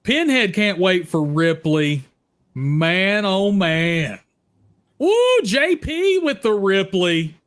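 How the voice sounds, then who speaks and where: Loud teasing high-voiced man host. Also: big pitch swings, slow pace. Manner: loud, teasing, shouting bursts. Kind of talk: live-stream chat.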